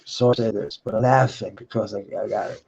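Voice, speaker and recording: Casting: man for a slow, profane vlog rant, gravelly, on a dull lo-fi recording. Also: on the low side, steady tone, a little mellow. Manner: profane, rambling, laughs between thoughts. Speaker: vlogger. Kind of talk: rambling personal monologue.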